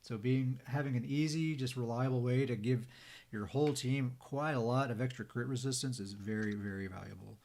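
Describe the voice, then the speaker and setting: A man's voice: mid-range voice, brisk, vocal fry, darkish tone. Man hosting a casual gaming podcast. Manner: explains game mechanics with many fillers. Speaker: podcast host.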